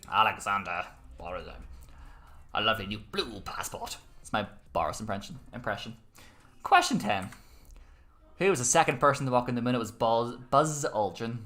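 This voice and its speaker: Irish male quiz host, bright, forward tone, loose and jokey, mid-range pitch. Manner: chatty, joking asides, self-amused. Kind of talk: casual online quiz hosting.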